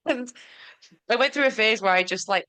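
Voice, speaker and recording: A woman co-hosts a podcast in easy, casual chat. Her voice is clear and bright with a forceful edge, and she tells stories with lively, chatty energy. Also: on the high side, normal speed. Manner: chatty, animated storytelling. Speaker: podcast co-host.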